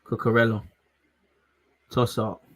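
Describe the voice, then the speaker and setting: Excitable fan yelling at the ref. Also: male voice, lowish voice, slow, husky. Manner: excitable, shouts at the ref, drops to mutters. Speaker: fan watchalong host. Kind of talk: live football watchalong commentary.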